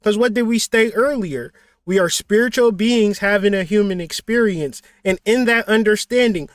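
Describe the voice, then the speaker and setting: A high-voiced man preaching motivation in a blunt, profane way, firing off rhetorical questions. The sound is close and dry, with no room around it. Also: no room sound. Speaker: spiritual teacher and channel host. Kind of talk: motivational livestream talk.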